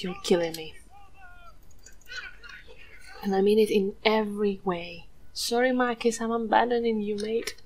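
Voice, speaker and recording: A woman's voice: fairly high pitch, slight background noise. Woman from Greece, gameplay commentator, playful and sweary, swings between whispers and squeals. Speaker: gameplay streamer. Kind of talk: let's play commentary.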